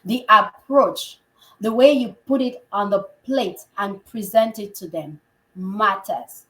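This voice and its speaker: A healthcare provider, a woman, telling a story with real animation. She slips into the voices of the people in her tale, and the room adds a noticeable echo around her middle-pitched voice. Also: takes it slowly. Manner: animated, acts out quoted dialogue. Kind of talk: conversational storytelling. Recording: roomy echo.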